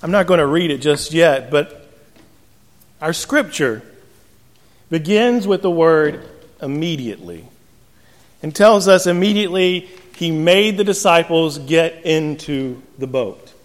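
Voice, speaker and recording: A man delivers a sermon, telling stories with humorous asides. His voice sits high for a man and rings out with long reverb. It sounds like a large church sanctuary. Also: lively intonation, a little slow. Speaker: pastor.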